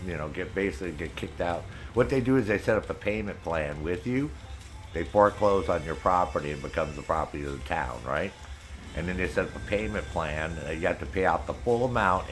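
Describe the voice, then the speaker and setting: A man streaming a video game, venting angrily in casual talk with constant swearing. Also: low voice. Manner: angry venting, heavy swearing. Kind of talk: casual chat while gaming.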